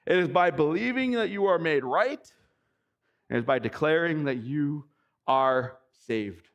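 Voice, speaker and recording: A male pastor delivering a sermon, reading scripture aloud and preaching with emphatic, excitable bursts. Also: on the high side, a little slow, muffled recording. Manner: reads scripture passages aloud.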